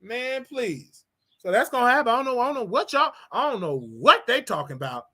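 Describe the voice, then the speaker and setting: A man with a bright, forceful voice, hosting his own livestream. He rants to his viewers in an animated, preachy, jokey way, jumping from quiet asides to loud outbursts. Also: fairly quick. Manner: animated, preachy, jokey, with wild swings in pitch and volume. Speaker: host. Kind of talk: solo livestream rant.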